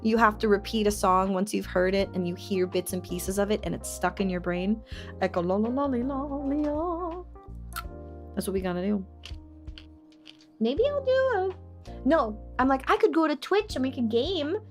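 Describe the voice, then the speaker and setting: A woman's voice: mid-range voice, expressive, fairly quick, hardly any pauses, faint music behind. A young woman streaming live, chatting with her chat while working on a song and trying out lines by singing them.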